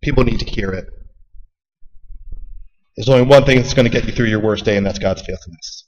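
A young adult man preaching a sermon, swinging between hushed and loud, high-pitched moments. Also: fairly quick, dull audio. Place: large church hall. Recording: long hall reverb.

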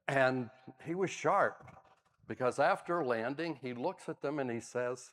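A man's voice: medium pitch, a little slow. Older male pastor telling stories in a reverberant hall. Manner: animated storyteller, dry humor. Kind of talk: sermon with storytelling.

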